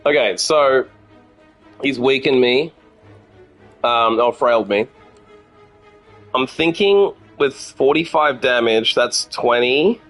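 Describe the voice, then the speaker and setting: A man's voice: mid-range voice, slow, pauses often, a bit bright, faint music behind. An Australian man in his thirties streaming a card game, thinking aloud, swearing freely and chatting with viewers. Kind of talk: casual gameplay commentary.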